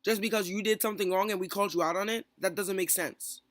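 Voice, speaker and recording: A young man streams his frustration in a heated callout vlog, piling up fillers and rhetorical questions. His voice sits high and bright, and the recording is close and dry with no room sound. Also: fairly even intonation, no room sound. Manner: heated, rapid rant full of fillers.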